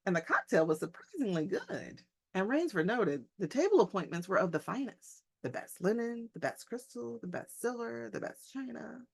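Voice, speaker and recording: A woman's voice: fairly high pitch, big pitch swings, normal speed, gravelly, hardly any pauses, breathy edge. A woman English teacher reading a short story aloud and breaking off for chatty, joking asides to her class.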